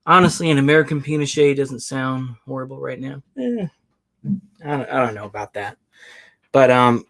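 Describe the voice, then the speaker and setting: A man's voice: medium pitch, moderate pace, creaky, pauses often, a bit bright. A man hosting his own channel who rants in a loose, rambling way, circling back with "you know, once again" and trailing off with sighs. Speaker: online host. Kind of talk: casual rant.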